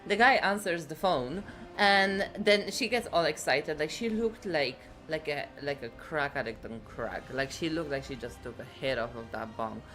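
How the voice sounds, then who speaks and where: A woman streamer talks in a slightly low voice, rambling through her thoughts and swearing without a filter. Soft music plays faintly behind her. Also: animated, normal speed, hardly any pauses. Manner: rambling and blunt, swears freely. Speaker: game streamer. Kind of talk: casual chat.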